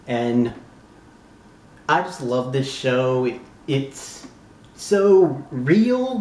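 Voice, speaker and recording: Excitable young man in an echoey room. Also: medium pitch. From southern United States. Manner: excitable, gushing fan who curses and exclaims. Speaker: YouTube reviewer. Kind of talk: casual spoken TV review.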